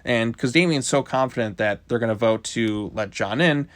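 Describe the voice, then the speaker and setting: A man's voice: mid-range voice, moderate pace, no room sound. Dry-sounding man doing a casual comic review. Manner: loose retelling with many "like" fillers.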